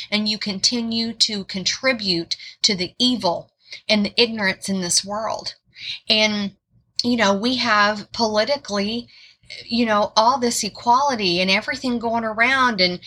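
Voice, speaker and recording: A woman's voice: medium pitch, sharp tone, husky. A woman giving an informal sermon, earnest and repeating words for emphasis. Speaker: Bible teacher.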